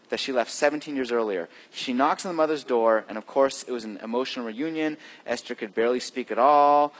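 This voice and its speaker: A male pastor preaching a sermon in a conversational way, asking the listeners questions and swinging between loud emphasis and hushed, drawn-out phrases. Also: medium pitch. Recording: long hall reverb.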